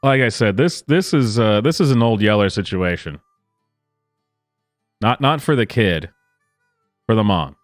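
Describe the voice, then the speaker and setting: A man's voice: lowish voice, animated, measured pace, pauses often, no room sound, studio quality, faint music behind. A man hosting a reaction commentary, incredulous and sarcastic, with frequent exclamations. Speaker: commentary host.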